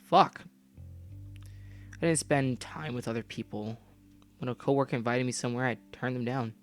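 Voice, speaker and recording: A young man reading a game story aloud and breaking off into profane, loud comments. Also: mid-range voice. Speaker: gamer reading a visual novel aloud.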